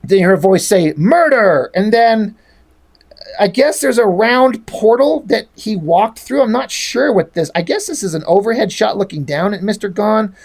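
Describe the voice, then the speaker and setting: A man's voice: high voice, animated, moderate pace, gravelly, darkish tone. A man reviewing a comic, in a blunt, profane and exasperated ranting style.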